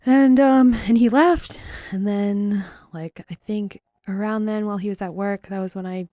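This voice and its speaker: A woman's voice: mid-range voice, fairly even intonation, normal speed, no echo. Frank young woman, dry close sound. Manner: frank, filler-heavy, dark humor. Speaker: podcast host. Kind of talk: candid personal storytelling.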